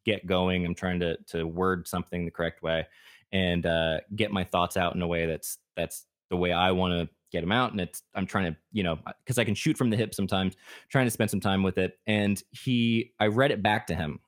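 Deep-voiced male podcast co-host, casual and rambling, voices the people in his stories. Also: fairly even intonation, normal speed. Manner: rambling, acts out quoted dialogue. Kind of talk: casual storytelling chat.

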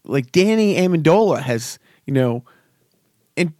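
A man's voice: on the high side, expressive, a little slow, a little mellow, dry recording, studio quality. A man co-hosting a casual podcast, rambling with many restarts. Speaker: podcast co-host. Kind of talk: casual chat.

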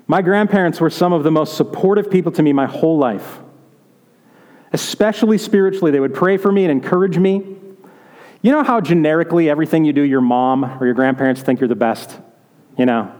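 Man, pastor, sermon, conversational storytelling, fairly high voice, long hall reverb. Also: normal speed, darkish tone. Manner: conversational, storytelling, asks questions.

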